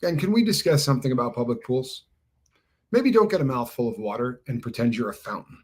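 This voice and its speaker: Male co-host, wry and dry, animated swinging delivery. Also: medium pitch, brisk. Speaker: co-host of a live stream. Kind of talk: casual live-stream chat.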